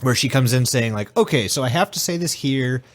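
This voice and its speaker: A man's voice: medium pitch, animated, fairly quick, no echo. Male co-host, emphatic casual talk, close and dry mic. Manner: chatty, emphatic, swears casually. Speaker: podcast co-host. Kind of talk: casual chat.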